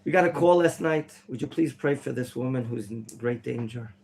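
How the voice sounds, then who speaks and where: A man teaching an interactive Torah class in a classroom, quizzing his students and now and then bursting into theatrical excitement. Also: medium pitch, normal speed, creaky, slight background noise. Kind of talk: interactive Bible lesson. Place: classroom at a yeshiva.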